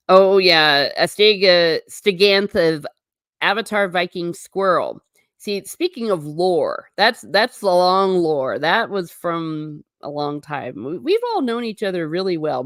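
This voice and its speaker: A woman hosting a casual livestream, reading out viewer comments and answering them in an animated, sarcastic way with blunt asides. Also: on the low side, no room sound, clean studio sound. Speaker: host.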